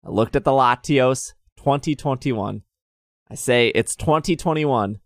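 A man's voice: mid-range voice, measured pace, dry recording, clean studio sound. A man casually telling a story on a podcast, acting out the other people's lines in raised voices. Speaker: podcast co-host.

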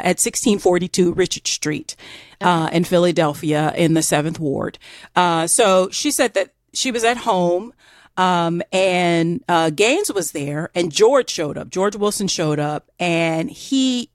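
A woman with a Southern US accent, co-hosting a podcast and telling a story in a chatty, animated way with many fillers. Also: lowish voice, no echo, clean studio sound. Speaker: podcast co-host. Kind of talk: casual storytelling chat.

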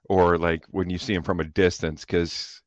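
A man's voice: sits low, level tone, moderate pace, no room sound, lo-fi sound. A man co-hosting a casual film-discussion podcast, talking emphatically and piling up descriptive words.

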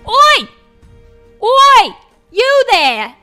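A woman playing a loud, bossy chimney-sweep motivational speaker with a put-on Cockney accent, in an improv comedy bit. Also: very high-pitched, huge pitch swings, extremely slow, soft background music, exaggerated voice. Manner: shouty, bossy, mock-inspirational.

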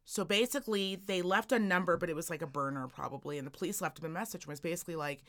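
A woman telling a story on a casual podcast. Her voice is fairly low for a woman, and it rises and falls as she acts out the people in her tale. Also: quick pace, fairly bright tone. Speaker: podcast co-host.

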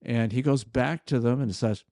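An older man co-hosting a podcast, telling stories about a book in a measured, easygoing way. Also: mid-range voice, a little mellow, no room sound, clean studio sound. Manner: measured, storytelling. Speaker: podcast co-host. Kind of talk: casual book discussion.

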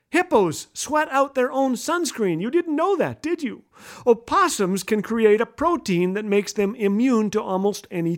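Middle-aged guy hosting a radio show, playful, high voice that bounces all over. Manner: playful, laughs at his own jokes. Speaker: radio host. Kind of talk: humorous storytelling monologue.

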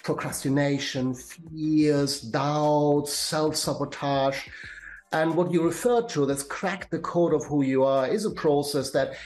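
A middle-aged man with a German accent, a career and life coach being interviewed on a podcast, explaining in a measured way with some hesitant fillers. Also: fairly high pitch, a little mellow.

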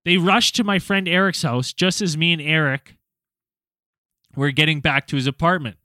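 A young man hosts a podcast and reads a listener's story with dramatic storytelling flair, then chats casually and swears freely. His voice sits a little high and sounds sharp and forceful. The recording is close and dry. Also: moderate pace, no echo. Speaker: podcast host.

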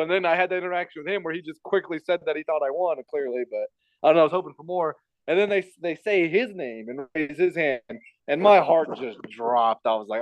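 A man's voice: a little high, animated, fairly quick, no echo, muffled recording. A man telling a personal story in casual chat, rambling and repeating himself with lots of fillers. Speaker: podcast guest telling a story.

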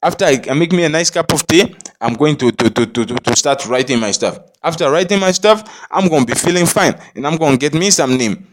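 A man's voice: on the high side, expressive, a little fast. A man rambling to his viewers in a preachy monologue, repeating himself and often asking if they understand him. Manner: rambling, repetitive, preachy, swears, keeps asking "you understand me?". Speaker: vlogger.

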